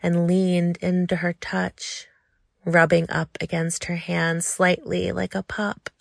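Woman reading a story real slow and intimate, gravelly low voice, dry close mic. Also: flat delivery, no echo. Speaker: narrator. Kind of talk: scripted story narration.

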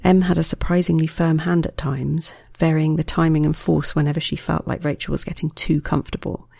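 Erotic story reader, gravelly texture, dry close sound, measured delivery. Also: mid-range voice, flat delivery, a little mellow, no room sound. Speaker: story narrator. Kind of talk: scripted erotic story reading.

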